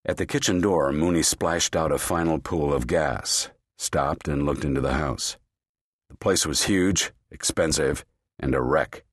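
A man narrating a thriller audiobook in a measured, grave reading. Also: extremely low pitch, no room sound, clean studio sound.

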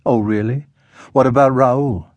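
A gentle woman with a dry wit who coaxes rather than scolds, as a male narrator reads her. It is close to his own voice, mid-pitched and unforced. It is a dry, close studio read. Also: steady tone, a little slow, no room sound, natural voice. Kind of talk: audiobook character voice.

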